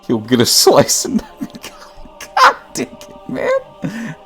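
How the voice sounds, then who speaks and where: A man's voice: medium pitch, wildly swooping pitch, slow pace, a bit bright, faint music behind. A man streaming a story game, reading the text aloud between frequent laughs and joking banter with chat.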